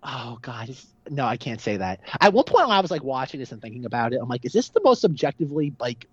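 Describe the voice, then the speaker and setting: A man's voice: medium pitch, sing-song, fast talker, breathy edge, no echo, muffled recording. A man co-hosting a casual movie podcast, talking animatedly and acting out quoted lines. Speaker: podcast co-host.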